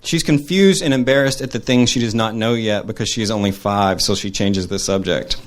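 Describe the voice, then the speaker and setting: A man reading his personal essay aloud to a live audience, earnest and measured. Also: fairly low pitch. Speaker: storyteller.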